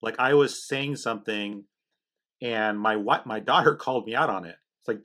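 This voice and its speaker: A middle-aged man hosting a faith conversation, telling a family story in a quick, chatty, animated way. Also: on the low side.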